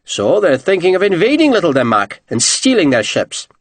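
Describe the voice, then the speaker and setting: A blustering, growling army general, blunt and profane, his voice climbing with animated emphasis, as a male audiobook narrator plays him. The voice sits fairly high for a man and the recording is dry. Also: normal speed, dry recording.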